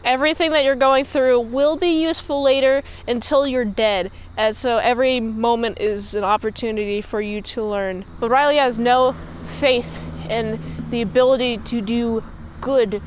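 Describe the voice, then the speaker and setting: A woman's voice: fairly high pitch, fairly even intonation, normal speed, muffled recording, slight background noise. A woman giving a casual, rambling episode recap, full of fillers and loose asides. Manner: rambling, filler-heavy chat. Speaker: show reviewer.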